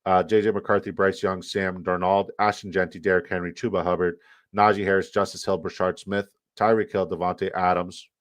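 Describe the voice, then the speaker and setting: A man hosting a live fantasy football draft stream, talking fast in joking, profane banter. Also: low voice, flat delivery, dry recording.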